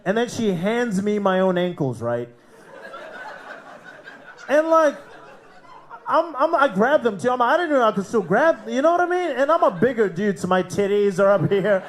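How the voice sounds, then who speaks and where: A man's voice: high-pitched, sing-song, moderate pace, pauses often, a little hiss or hum. An Australian man hosting a live comedy night and doing crude stand-up, swearing and laughing at his own jokes. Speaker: comedy show host and comic. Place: live comedy club stage.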